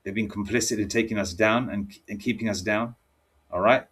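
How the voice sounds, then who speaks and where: Husky-voiced man preaching angrily. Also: lowish voice, steady tone, brisk, a bit bright. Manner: combative, repeats "all right?" and "okay?" after lines. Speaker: religious teacher. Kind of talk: angry preaching with scripture reading.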